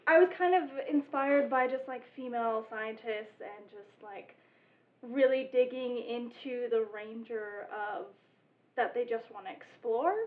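A woman's voice: a little high, measured pace. A woman chatting casually about her tabletop game character, giggling often and filling with "like". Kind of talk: casual group chat about a campaign. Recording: tinny, phone-like sound.

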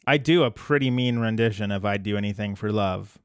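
Smooth-voiced man with dry joking delivery. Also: lowish voice, a little fast, no echo. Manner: wry, joking, breaks into playful singing. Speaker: podcast co-host. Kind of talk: casual chat about a cartoon episode.

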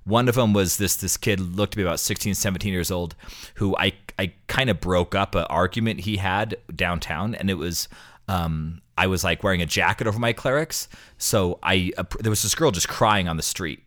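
A deep-voiced man in his thirties chats casually about his experiences as a priest. He rambles a little, restarting sentences and repeating words as he goes. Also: moderate pace, a bit bright. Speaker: priest co-host. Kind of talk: casual storytelling chat.

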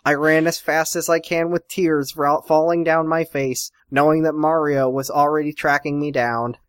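A woman reading a horror story aloud as a comedy bit, jokey and playful, breaking into high shouted character voices. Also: fairly even intonation, moderate pace, dry recording, studio quality. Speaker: creepypasta reader.

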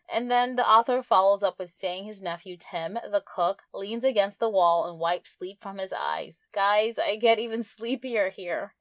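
A woman's voice: mid-range voice, dry recording. Earnest woman reviewing a book. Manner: earnest, reflective, reads quotes slowly. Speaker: book podcast host. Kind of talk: book review with read-aloud passages.

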